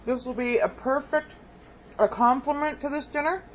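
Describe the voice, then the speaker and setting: A woman's voice: sits high, moderate pace. A woman chatting casually through a home cooking demonstration, homey and full of ums. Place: home kitchen. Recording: dull lo-fi home video with faint background hum.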